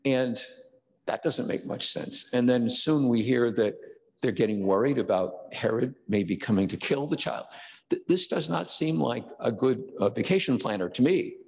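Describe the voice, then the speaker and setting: A man's voice: medium pitch, expressive, normal speed, gravelly. An older man giving a conversational sermon as pastor, now and then acting out quoted voices. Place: church sanctuary. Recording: long church reverb.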